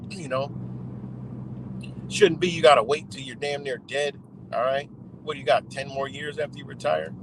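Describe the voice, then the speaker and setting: The host of a livestream, a man with a higher voice, rambles through an angry, profanity-laced rant, laughing now and then. There's noise in the background.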